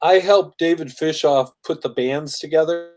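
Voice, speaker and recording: An older man speaks as a podcast guest in a casual chat, his voice sitting fairly high for a man. He tells his stories with animation, laughing and acting out what others said. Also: moderate pace. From United States. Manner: animated storytelling with laughs and acted-out quotes. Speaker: podcast guest, music industry veteran.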